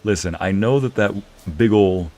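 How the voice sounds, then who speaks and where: A man's voice: lowish voice, normal speed, darkish tone. A young man casually commenting on a game he is playing, joking and laughing often. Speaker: streamer narrating a game playthrough.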